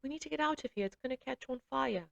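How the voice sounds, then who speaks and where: A woman quoting a calm, soft-spoken rescuer. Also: mid-range voice, normal speed, no echo, highs cut off, close to an everyday voice. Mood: quiet reassurance. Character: calm, reassuring female rescuer.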